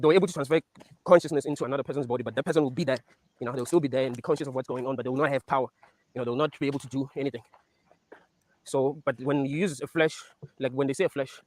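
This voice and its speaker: In this casual rant, a man with a mid-range voice recaps a series and reflects on dreams, laughing at scenes and cursing frequently in an animated way. There's no room sound on the recording.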